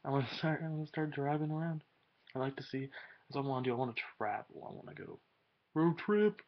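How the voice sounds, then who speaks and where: A man's voice: mid-range voice, highs cut off. A teenage boy rambling in a casual webcam vlog, slangy and swearing a lot. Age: teens. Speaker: vlogger.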